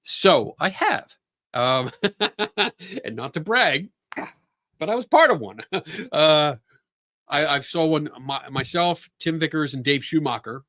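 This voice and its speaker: A man's voice: fairly high pitch, animated, takes it slowly, bright, forceful tone, no room sound, studio quality. A man with a Philadelphia accent and a stuffy nose hosts a casual livestream chat from a room at home. He rambles and halts, stumbling over restarts and laughing often. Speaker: podcast host.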